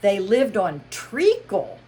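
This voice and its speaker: A woman reads as a drowsy little dormouse with a hoarse voice. He speaks slowly, as if half asleep. It is a cosy storybook creature. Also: medium pitch, huge pitch swings, dark tone, slight background noise, voice pushed up. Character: sleepy little male dormouse.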